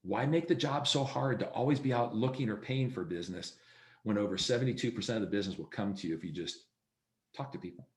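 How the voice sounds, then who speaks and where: A man's voice: on the low side, fast talker. A man giving a real estate sales training over a video call, acting out dialogue in his stories. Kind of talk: training presentation. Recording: roomy echo.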